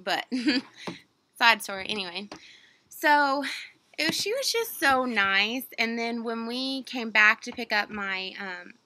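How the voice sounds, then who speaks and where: Chatty young woman, bright voice. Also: mid-range voice. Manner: rambling, chatty, full of fillers and quoted dialogue. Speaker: vlogger. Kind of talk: casual unboxing chat.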